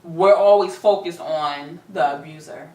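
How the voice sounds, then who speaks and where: A woman's voice: deep voice, unhurried, mellow. A young adult woman co-hosting a talk show, talking frankly and profanely about hard personal experience in casual chat. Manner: blunt, profane, outspoken. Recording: roomy echo, mic far off.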